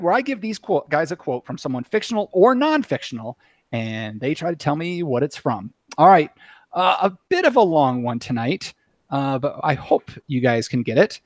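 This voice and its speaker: A man's voice: on the high side, big pitch swings, moderate pace, faint music behind. A man hosting a casual podcast, chatty and full of filler words. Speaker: podcast host.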